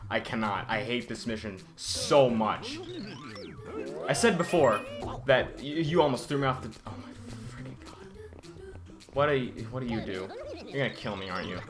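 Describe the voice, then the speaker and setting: A man's voice: medium pitch, animated, normal speed. A man giving let's-play commentary, easily frustrated, exclaiming and grumbling at the game as he plays. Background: game music.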